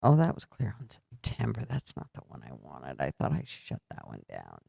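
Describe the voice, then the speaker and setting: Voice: extremely low pitch, wildly swooping pitch, brisk, creaky, mellow, slightly rough, no room sound, studio quality. A livestream host in casual political chat, tired and yawning, talking loosely and answering viewer comments aloud.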